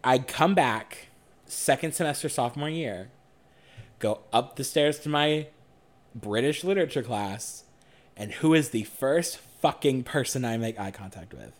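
A young man co-hosting a podcast, telling a personal story in a frank, animated way and swearing freely. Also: mid-range voice, measured pace. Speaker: podcast co-host.

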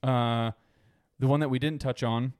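A man co-hosting a casual movie podcast, talking in an animated way with casual swearing and quick asides. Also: mid-range voice, smooth, no echo, clean studio sound. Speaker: podcast co-host.

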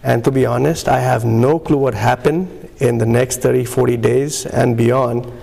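A man shares his personal testimony at a recovery meeting. His voice is gravelly, and he stops often to search for words. His speech is full of fillers and pauses. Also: medium pitch, steady tone, mellow. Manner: halting, many fillers and pauses.

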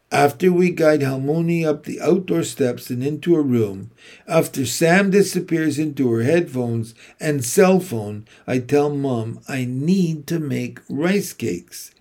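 A male narrator reads a middle-grade novel in first person, unhurried and thoughtful. His pitch sits in a middle range, and he lets each sentence settle before the next. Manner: slow, even, reflective reading. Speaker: audiobook narrator.

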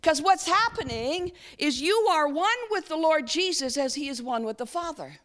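A woman's voice: high-pitched, expressive. A woman preaching at a church service, often asking her audience questions and leading them through a guided reflection. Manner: interactive, asks the audience frequent questions; leads a guided reflection, slow and soft at times. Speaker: guest speaker. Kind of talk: sermon.

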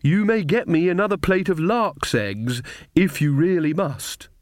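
A woman's voice: lowish voice, expressive, a little slow, darkish tone, no room sound, clean studio sound, pitched above the performer's own voice. Man voicing a coy, affected young lady.

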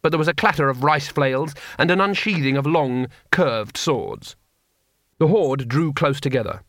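A man narrating an audiobook with expressive storytelling. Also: fairly high pitch, moderate pace, no room sound, studio quality. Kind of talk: scripted narration.

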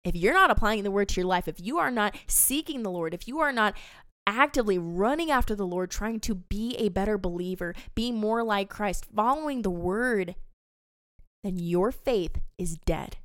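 Young woman, faith podcast host, passionate devotional talk, smooth voice, dry close sound. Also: medium pitch, expressive, moderate pace, fairly bright tone, no echo. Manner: earnest and passionate, addresses listeners as "you guys".

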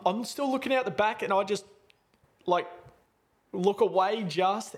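A man, a podcast host telling a travel story in casual, rambling chat full of slang and fillers. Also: sits high.

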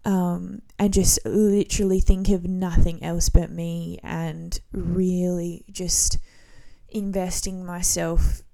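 A woman in her twenties hosting a solo podcast, talking casually in a relaxed, rambling way with frequent ums and restarts. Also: lowish voice, a little slow, gravelly, few pauses. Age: 20s. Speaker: podcast host.

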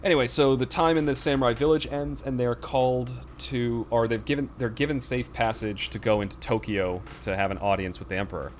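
A man's voice: medium pitch, fairly quick, hardly any pauses, slight background noise. A man chatting casually on a podcast, retelling a film's plot in a rambling way with many fillers and acted-out quotes. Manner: rambling storyteller with fillers, acts out quoted lines.

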